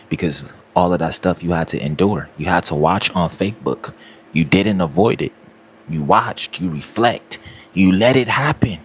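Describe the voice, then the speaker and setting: A man's voice: fairly low pitch, slight background noise. A man, giving a repetitive, preachy motivational talk aimed straight at the listener. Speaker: motivational speaker.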